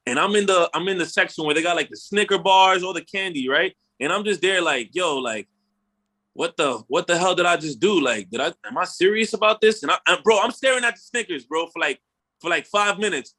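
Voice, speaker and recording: High, bright-voiced man telling a wild story. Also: fairly quick. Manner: animated storyteller, slangy, swears, acts out his own quotes. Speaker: podcast host. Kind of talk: casual storytelling chat.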